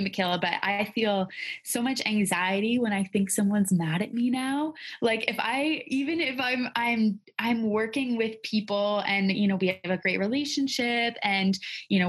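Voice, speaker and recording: A woman's voice: mid-range voice, fairly bright tone. A woman co-hosting a podcast in casual chat, talking in a chatty way with many fillers. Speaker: podcast co-host.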